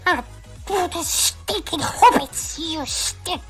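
Man doing a raspy sneering Smeagol. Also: very high-pitched, takes it slowly, a bit bright, faint music behind, pitched above the performer's own voice, exaggerated voice. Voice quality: raspy, strained throat. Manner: hissing, sneering. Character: wretched hissing creature, male, obsessive.

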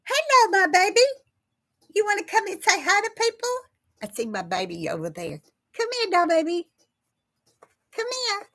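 A woman putting on a high, sing-song baby-talk voice to call her cat. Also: big pitch swings, normal speed, pauses often, fairly bright tone, full character voice. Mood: cooing.

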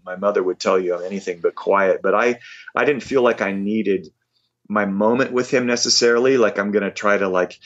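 A man in his fifties telling animated, self-deprecating stories in a casual interview. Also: fairly low pitch, brisk. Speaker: rock musician guest. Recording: dull lo-fi audio.

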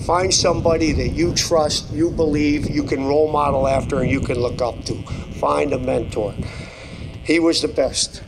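Older man, slightly high voice, athletic director type, folksy off-the-cuff graduation speech. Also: moderate pace, very noisy. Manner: folksy, off-the-cuff storytelling with repeated phrases. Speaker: athletic director giving a commencement address.

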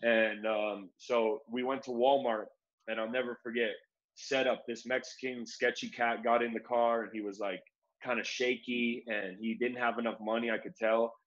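A man's voice: mid-range voice, fairly even intonation, normal speed, fairly bright tone. Slangy young American man telling stories. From United States. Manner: slangy, lots of "like" and "bro". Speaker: MMA fighter being interviewed. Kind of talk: casual storytelling. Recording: dull lo-fi sound.

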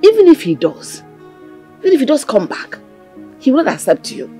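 An actress playing a middle-aged Nigerian mother in a film drama, coaxing and chiding her daughter in a husky voice, mixing in Igbo phrases. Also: high-pitched, huge pitch swings, normal speed, dark tone, faint music behind.

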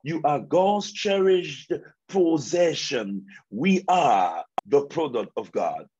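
A man from Liberia preaches a devotional sermon at a deliberate, unhurried pace, leaning on his key phrases again and again. His voice is somewhat high and slightly husky, and it swings widely in pitch. The recording sounds dull and muffled. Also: expressive, a little mellow. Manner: slow, emphatic preaching with repeated phrases. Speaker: pastor.

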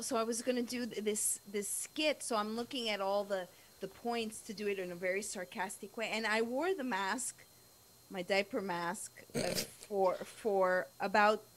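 A woman's voice: mid-range voice, rough recording. A woman journalist as a guest on a casual live-stream talk show, talking in a rambling way with many restarts.

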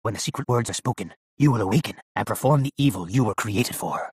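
A man playing an old evil sorcerer who speaks in a hushed, commanding, pompous way in an audiobook. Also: mid-range voice, fast, breathy edge, dry recording, clean studio sound. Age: over 60.

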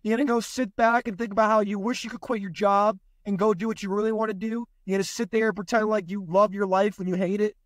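A man with a high voice rants bluntly on his podcast, swearing freely and dripping with sarcasm. The sound is close and dry, with no room around it. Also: steady tone, quick pace, hardly any pauses, dry recording. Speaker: podcast host. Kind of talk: ranting podcast monologue.

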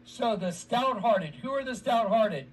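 High-voiced agitated man preaching. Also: lively intonation, unhurried, recorded from a distance, slight background noise, low-quality recording. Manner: agitated, repeats "ready?" and drags out quoted words. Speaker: online preacher. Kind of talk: heated scripture commentary.

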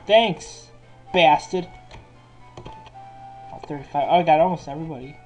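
A man's voice: high voice, moderate pace, long pauses, a little mellow, dull audio, soft background music. A man giving casual game commentary while he plays, cursing constantly. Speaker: gameplay commentator.

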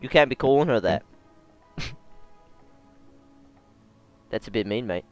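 A man's voice: medium pitch, animated, measured pace, faint music behind, natural voice. A young man chatting while gaming in a headset, putting on a fake Australian accent, swearing and tacking "mate" onto his lines. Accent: fake Australian put on by a British speaker. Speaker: gamer. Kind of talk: casual gaming chat in a mock accent.

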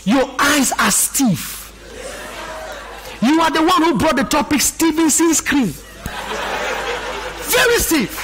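A pastor preaching, passionate and often shouting out exclamations between scripture quotes. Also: male voice, very high voice, animated, a little slow, pauses often, some chatter behind. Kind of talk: sermon.

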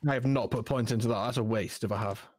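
A man's voice: on the low side, fairly even intonation, quick pace, a little mellow, a little hiss or hum. A man playing a co-op game, chatting casually and cracking dry teasing jokes. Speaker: co-op game partner. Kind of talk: casual gaming chat.

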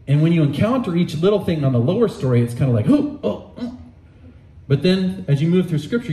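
A man's voice: fairly high pitch, warm tone, reverberant, poor audio. A man preaching a sermon in a conversational, emphatic way, with candid asides, in a church. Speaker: pastor. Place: church sanctuary.

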